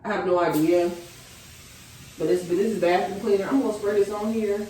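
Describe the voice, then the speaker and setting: A woman's voice: medium pitch, flat delivery, a little fast, dark tone. A pregnant young woman, out of breath, chatting straight to her viewers in a casual clean-with-me vlog from her bathroom. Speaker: vlogger. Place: bathroom at home. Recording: echoey home room with faint noise.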